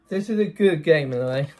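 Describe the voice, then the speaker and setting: A man's voice: sits high, mellow. A young man chatting casually in a vlog, rambling, correcting himself and laughing often. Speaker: vlogger.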